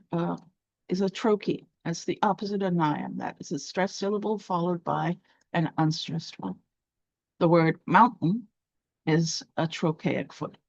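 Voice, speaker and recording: A woman with a fairly low voice teaches poetry, explaining terms step by step with fillers and restarts. The recording is dry and a little dull and lo-fi. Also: creaky, no echo. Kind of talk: online lesson.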